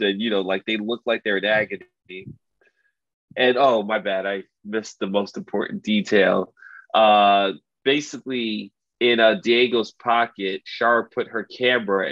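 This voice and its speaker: A man casually retelling a story as a podcast co-host, animated and loose, full of filler words. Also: on the low side, no room sound. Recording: dull lo-fi dry recording.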